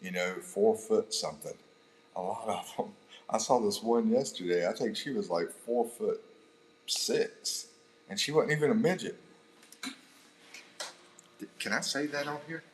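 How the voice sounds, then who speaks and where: An American man hosts a relaxed livestream in a low voice, joking with his viewers and reading their comments aloud. He laughs often and calls everyone bro. A faint hum of the room sits underneath. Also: measured pace, pauses often, low-quality recording. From United States. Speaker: livestream host. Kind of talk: casual live chat reading viewer comments.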